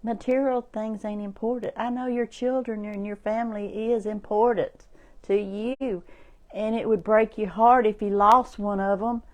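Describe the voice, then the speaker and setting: A woman's voice: medium pitch, fairly even intonation, moderate pace. A woman giving an informal sermon, repeating herself and building to emphatic, rising preaching.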